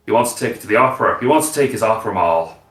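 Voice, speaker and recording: A man in a casual panel chat, rambling and joking with a wide, lively pitch. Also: very fast, roomy sound, faint music behind.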